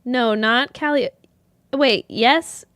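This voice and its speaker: A woman hosting a live yarn show in casual chat, bubbly and quick to laugh at herself, rambling with lots of restarts. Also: on the high side, lively intonation, a bit bright, no room sound, clean studio sound.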